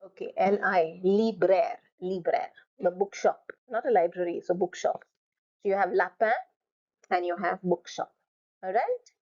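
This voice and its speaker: A woman's voice: on the low side, fairly even intonation, normal speed, a little mellow. A woman teaching French from slides, repeating each word several times so learners can copy her pronunciation. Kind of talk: recorded slide lecture. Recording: dull lo-fi recording.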